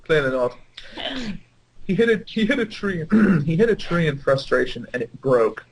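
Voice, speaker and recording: A woman's voice: sits low, very animated, moderate pace, husky, low-quality recording. A young woman reading fan fiction aloud and mocking it with exasperated, sarcastic asides, tripping over typos. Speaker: fan fiction reader and commentator. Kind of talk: mocking dramatic reading with commentary.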